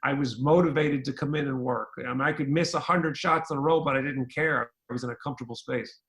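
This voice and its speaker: A man's voice: mid-range voice, fast. A middle-aged man who grew up between Ireland and the United States, telling stories in a casual interview and acting out the voices of people in them. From Ireland, raised in the United States. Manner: animated storyteller who acts out quoted voices. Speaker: interview guest, former pro basketball player.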